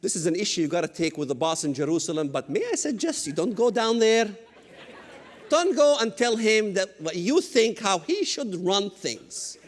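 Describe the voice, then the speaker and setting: High-voiced man preaching emphatically. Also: expressive, moderate pace, some chatter behind. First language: Arabic. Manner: emphatic, bursts into shouts, teasing asides. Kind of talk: fiery sermon lecture on scripture. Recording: long hall reverb.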